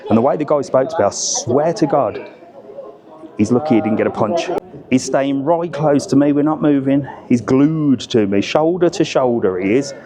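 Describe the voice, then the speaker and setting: A man's voice: mid-range voice, moderate pace. Middle-aged guy vlogging on a packed train, blunt and chatty, crowd noise all round. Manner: chatty, blunt, swears when annoyed. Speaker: travel vlogger. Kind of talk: casual travel vlog. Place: crowded alpine train station and train.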